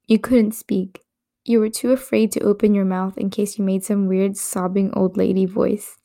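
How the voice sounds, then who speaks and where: A woman reads fan fiction aloud for her podcast in a soft, intimate storytelling voice that drops at times to a whisper. Her tone is mellow and dark with a gravelly, creaky edge. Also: medium pitch, level tone, normal speed. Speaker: podcast host.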